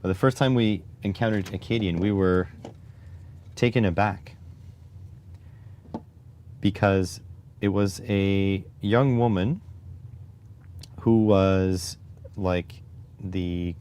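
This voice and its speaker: A man from Canada with a deep, low voice chats casually to his livestream audience. He rambles in wry, offhand asides while working with his hands. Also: slow, pauses often, darkish tone, slight background noise. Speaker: livestream host.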